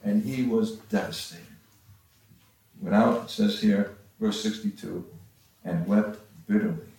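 A man giving a halting Bible-teaching sermon, with frequent restarts and pauses. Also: on the low side, creaky, a little mellow. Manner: halting, many restarts and fillers. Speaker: preacher. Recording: far from the mic in a very echoey room.

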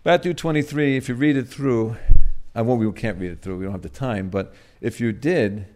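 A man preaching a sermon in a gentle, halting way, pausing often and swelling loud on key words before dropping soft again. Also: medium pitch, slight background noise. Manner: gentle, halting, with frequent "uh" and restarts.

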